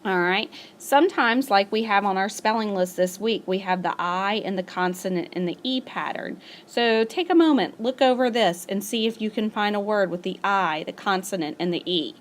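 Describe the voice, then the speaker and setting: A woman teacher recording a spelling lesson as a voice-over for her class. She talks patiently and slows down to stretch out each example word. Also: mid-range voice. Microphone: screencast voice-over.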